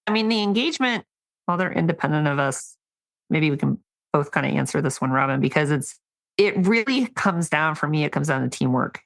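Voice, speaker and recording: Low gravelly-voiced woman. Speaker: podcast co-host, dog trainer. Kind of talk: casual podcast chat.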